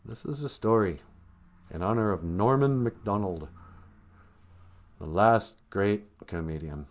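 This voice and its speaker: A man's voice: on the low side, lively intonation, a little slow. A man hosting a live stream, telling a wandering comedic monologue and laughing at his own jokes.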